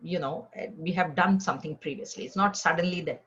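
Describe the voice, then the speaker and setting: A woman teaching a spiritual scripture class, explaining verses and telling stories with lively acted quotes. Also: fairly low pitch, a little fast, lo-fi sound. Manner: storytelling with animated acted quotes.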